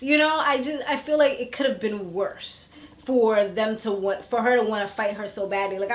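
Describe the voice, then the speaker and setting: A woman vlogger giving a casual, gossipy recap of a TV episode, animated and full of slang, often acting out what people said. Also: a little high. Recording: echoey room.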